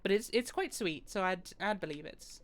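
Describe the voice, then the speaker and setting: A woman's voice: medium pitch, animated, normal speed. Chatty young British woman streaming. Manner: chatty, rambling, laughs often. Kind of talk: casual gaming stream chat.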